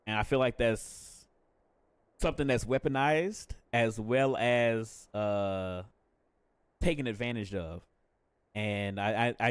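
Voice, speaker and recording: A young man talks frankly to his stream chat, swearing freely and breaking into laughter as he goes. His voice sits in a middle range. The sound is dry and close, with no room echo. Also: medium pitch. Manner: profane, candid and laughing often. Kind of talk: casual live-stream chat.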